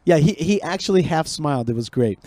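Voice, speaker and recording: Animated higher-voiced male podcast host. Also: brisk, dry recording. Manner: animated, repeats words, jokey. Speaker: show host. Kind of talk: casual podcast conversation.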